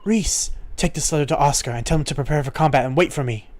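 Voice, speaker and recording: A man's voice: on the high side, fast talker, lightly acted. A man voicing Titania, stern mercenary woman. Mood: firm, caring. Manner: calm, commanding, motherly. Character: stern female mercenary deputy commander, caring. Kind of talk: voicing game dialogue.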